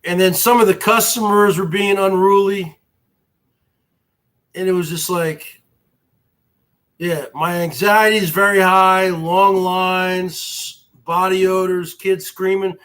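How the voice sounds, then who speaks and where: A man's voice: high-pitched, fairly even intonation, takes it slowly, a bit bright. A man hosting a basement livestream, rambling and complaining with profanity and frequent restarts. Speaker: livestream host. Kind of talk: casual rambling livestream monologue.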